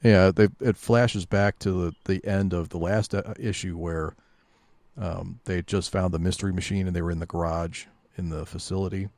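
A man's voice: low voice, steady tone, normal speed, darkish tone, no echo. A man co-hosting a podcast who chimes in and agrees in a laid-back casual chat. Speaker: podcast co-host. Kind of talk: casual comic review chat.

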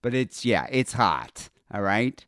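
Man, podcast co-host, low voice, very animated, dry close mic, rambling irreverent chat. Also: slow, clean tone, no room sound. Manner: rambling, irreverent, many fillers. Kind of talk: casual comedic chat. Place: home.

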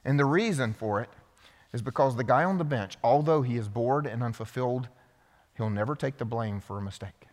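A man's voice: mid-range voice, brisk. A man pastor preaching a sermon, telling a story and asking the congregation questions. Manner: storytelling with acted-out quotes, asks the congregation questions. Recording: preached in a hall with long reverb.

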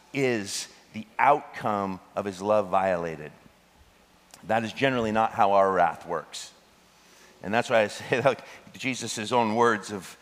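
A man preaching a sermon as pastor, animated, with joking asides and laughter. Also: lowish voice. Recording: long hall reverb.

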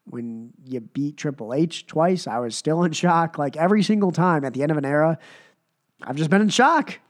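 Man, podcast host, sick and low on voice, rambling casual commentary, emphatic repetition. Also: expressive, normal speed. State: sick and short on voice.

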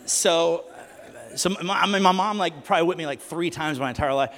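High-voiced animated man preaching. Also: brisk, long reverb tail. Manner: animated, joking, asks the crowd questions. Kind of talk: sermon with humorous stories. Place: church.

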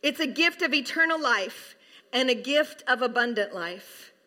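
A high, bright-voiced middle-aged woman delivers a sermon. She drops to soft near-whispers, then climbs into high, laughing excitement. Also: a little slow. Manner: animated, swings from soft hushed tones to high laughing bursts. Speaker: pastor's wife preaching.

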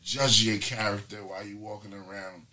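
A man's voice: on the low side, level tone, brisk, bright, forceful tone. A man hosting a casual chat, talking loosely with profanity and frequent restarts.

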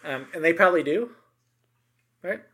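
A man's voice: fairly high pitch, expressive, normal speed, a bit bright. A middle-aged man co-hosting a podcast, chatting casually and emphatically about politics, with many asides and tag questions.

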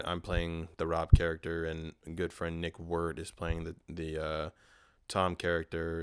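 A man with a very deep, flat voice rambles through a solo podcast, annoyed and cursing freely. His tone is smooth and clear, recorded close and dry into a portable recorder. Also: no echo. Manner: frustrated, swearing, rambling. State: low energy. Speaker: podcast host. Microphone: handheld portable recorder.

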